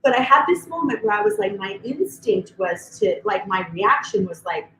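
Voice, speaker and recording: A woman's voice: medium pitch, normal speed, roomy sound, a little hiss or hum, poor audio. A woman who is a podcast guest, telling stories in casual conversation and acting out what she said to her kids. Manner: animated storytelling, acting out her own quotes.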